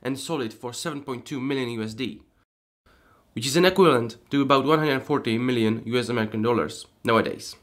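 Deadpan comic narrator, man. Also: medium pitch, quick pace. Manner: deadpan, sarcastic. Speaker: host. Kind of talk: comedic scripted narration.

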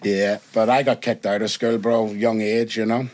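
Swearing, animated male podcast guest. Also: fairly low pitch, normal speed. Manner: animated storytelling, swears freely, acts out quoted voices. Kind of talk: casual podcast chat.

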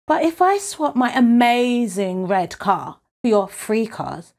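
A boastful, stubborn young boy in a storybook, as a woman reader acts him out, his voice raised high with animated leaps. He sounds proud and quick to take offense. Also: exaggerated voice.

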